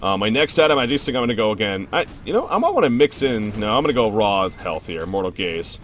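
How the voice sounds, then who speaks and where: A young man streams a match and talks through every move. His voice sits fairly low but swings wide, leaping up when a play surprises him. Faint noise hums behind him. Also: fast. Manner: excitable, reacts loudly to plays, chatty and rambling. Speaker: game stream host. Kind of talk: live gameplay commentary and viewer Q&A.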